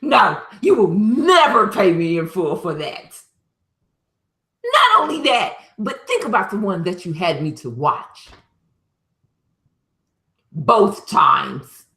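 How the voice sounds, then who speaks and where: A woman's voice: mid-range voice, wildly swooping pitch, takes it slowly, long pauses, a bit bright, echoey room, rough recording. A woman co-hosting a podcast, chatting casually and scolding her co-host in exasperation, with bursts of laughter. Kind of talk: casual chat.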